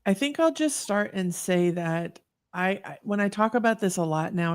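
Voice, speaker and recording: In clean studio sound with no room noise, a woman in her fifties shares a personal story as a guest in an online talk. Her low, expressive voice moves at normal speed as she reflects earnestly, often using fillers and starting over.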